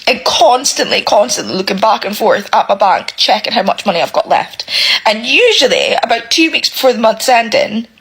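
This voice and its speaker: A woman's voice: fairly high pitch, lively intonation, moderate pace, a bit bright, husky, poor audio. A British woman, a single parent, in an emotional rant to camera, swearing heavily and repeating herself, close to tears.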